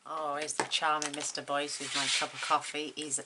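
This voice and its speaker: A woman hosting a card-making tutorial at home, chatting casually and thinking aloud as she works, with quick laughs. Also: low-pitched, little pitch movement, heavy background noise. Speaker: craft tutorial host. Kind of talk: casual demonstration chat.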